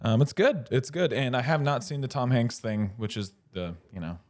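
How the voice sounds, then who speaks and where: A man's voice: mid-range voice, lively intonation, moderate pace. A man in his thirties co-hosting a casual podcast, talking enthusiastically and rambling, with many fillers and restarts. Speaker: podcast co-host. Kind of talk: casual chat.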